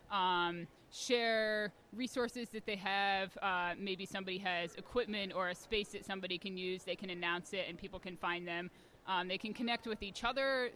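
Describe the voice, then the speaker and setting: A woman being interviewed at a conference, explaining things clearly with frequent ums. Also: medium pitch, a bit bright, a little hiss or hum. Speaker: guest, community radio organizer.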